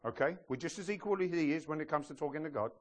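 A man's voice: a little high, fast. A man preaching a sermon to a congregation, often checking in with them and joking as he goes. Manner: lively preacher, asks the congregation questions, jokes and laughs. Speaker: pastor.

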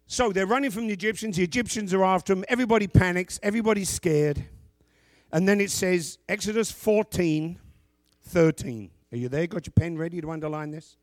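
A middle-aged male pastor preaching a sermon. He reads scripture loudly and drops into quiet asides. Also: brisk, no room sound, studio quality. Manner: animated preaching, swings from shouted scripture to low asides.

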